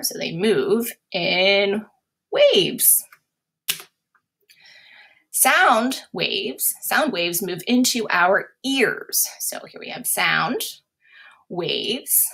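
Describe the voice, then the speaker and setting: A woman's voice: medium pitch, gravelly, fairly bright tone, slightly rough. A woman teacher reading a simple science lesson aloud, patiently repeating key words and sometimes dropping to a whisper for examples. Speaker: special education teacher. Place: classroom or home, recorded for remote lesson.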